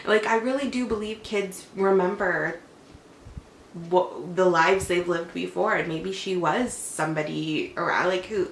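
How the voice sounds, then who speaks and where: A faint hum and echo fill the room as a young mom and vlogger tells a rambling personal story at home. Her voice sits lowish and fairly bright, a little slow, and her chatty delivery is packed with "like."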